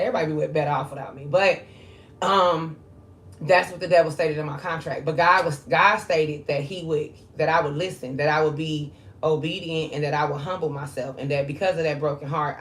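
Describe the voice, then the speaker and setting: Low-voiced woman talking candidly. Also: a little hiss or hum. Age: 40s. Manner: candid and conversational, with frequent fillers. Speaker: spiritual reader. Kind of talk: casual spiritual monologue.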